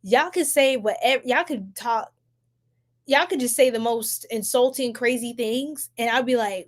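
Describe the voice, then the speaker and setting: A woman's voice: a little high, normal speed. A young woman from New York with a New York accent, chatting casually and animatedly with her livestream audience in slangy, laugh-filled talk. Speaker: tarot reader livestream host.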